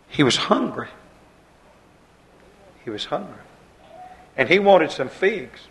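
A man's voice: mid-range voice, a bit bright, rough recording. A man preaching a sermon in a folksy, conversational way, repeating his phrases and using plain, homespun grammar.

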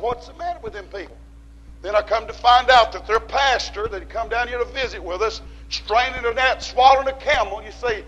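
A man preaching a fiery sermon, slowing to hammer home short lines and rising into shouts. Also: very high-pitched, lo-fi sound. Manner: preaching with rising shouts and slow emphatic repeats. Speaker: pastor.

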